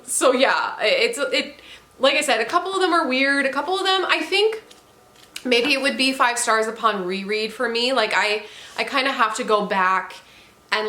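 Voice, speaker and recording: A woman's voice: mid-range voice, sharp tone. A woman casually reviewing books on her channel, gushing and candid and swearing freely. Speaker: book reviewer. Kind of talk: casual book review vlog. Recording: echoey room.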